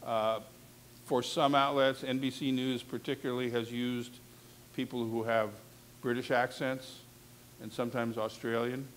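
A man's voice: medium pitch, level tone, measured pace. Man, talent coach, frank classroom teaching, conversational, faint background noise. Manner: candid, conversational, frank asides. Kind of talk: instructive classroom talk. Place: university classroom session.

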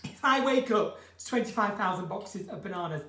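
A woman's voice: mid-range voice, animated, a little fast, fairly bright tone. A woman chats through a casual live stream at home, reading out questions and answering with theatrical flair. She sounds a little distant from the mic, and the room gives her voice a noticeable echo. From northern England. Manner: chatty, theatrical, reads out comments and answers them. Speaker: live chat host answering viewer questions.

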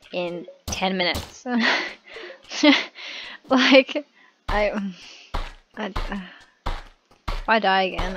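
A woman's voice: mid-range voice, gravelly, a bit bright, a little hiss or hum. A woman giving rambling, giggly commentary while playing a video game. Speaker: gaming YouTuber. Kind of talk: casual let's-play commentary.

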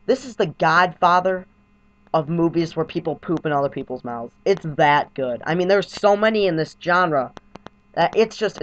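A man reviewing a movie in a vlog, heaping deadpan, over-the-top praise on it and repeating himself. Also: on the high side. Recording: dull lo-fi home recording.

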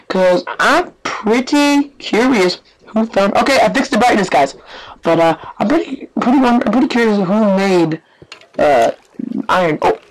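Excitable rambling gameplay commentator. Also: medium pitch, slight background noise, low-quality recording. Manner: rambling, excitable, swings between yelps and hushed whispers; yawning, offhand chatter with many fillers. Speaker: gaming channel host.

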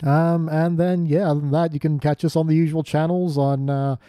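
A man co-hosting a podcast and chatting casually about a TV episode, with a relaxed, talkative manner. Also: a little high, brisk, no echo. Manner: relaxed, chatty, reads the show's plug in a mock announcer voice. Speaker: podcast co-host. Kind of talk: casual chat.

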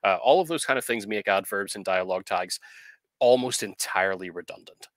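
A man co-hosting a casual talk on editing fiction, explaining at a measured pace with frequent ums and uhs. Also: on the low side, no room sound. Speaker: co-host of a writing advice show.

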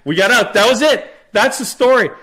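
A man co-hosting a podcast, telling stories in casual chat in an animated way. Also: very high-pitched, a little fast. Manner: animated, acts out voices in anecdotes. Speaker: podcast co-host.

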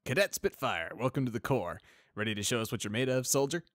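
A man's voice: medium pitch, lively intonation, fast talker, a bit bright, no room sound, studio quality, pitched above the performer's own voice, close to an everyday voice. A man voicing a friendly, joking stallion sergeant who talks in a jovial, teasing way.

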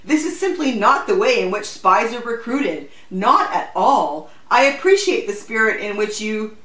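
A polite young official caught off guard and stumbling to stay proper, as a woman puts him on. The voice sits a little high in a roomy space, heard from a distance. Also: lively intonation, normal speed, fairly bright tone, lightly acted. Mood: flustered. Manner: polite, flustered. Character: flustered young male official.

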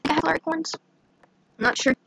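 A young woman with a hoarse voice, chatting excitedly through her gameplay with lots of fillers. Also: extremely high pitch, fast talker, slight background noise, rough recording. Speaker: gaming channel host. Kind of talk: casual gameplay commentary.

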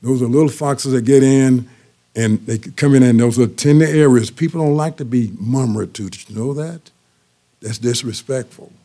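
A man's voice: mid-range voice, normal speed, warm tone. An older man preaching a sermon, telling folksy everyday stories and repeating key phrases for emphasis. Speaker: pastor.

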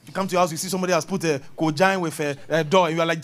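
A man preaches, his voice pitched high for a man. He preaches dramatically, booming out some lines and murmuring others low. He laughs at his own jokes as he goes. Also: fairly even intonation, racing. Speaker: pastor. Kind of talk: sermon.

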